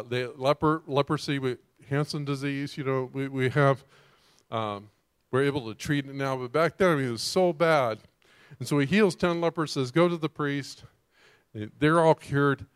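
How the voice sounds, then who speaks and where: Animated, slightly high-voiced male pastor preaching. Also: no echo, clean studio sound. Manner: animated and emphatic, with rhetorical questions to the congregation. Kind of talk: sermon.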